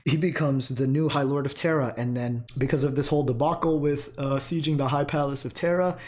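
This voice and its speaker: A man's voice: medium pitch, fairly even intonation, brisk, a little mellow. A young man casually explaining game lore, rambling and profane, with lots of fillers, his voice still recovering and short of breath.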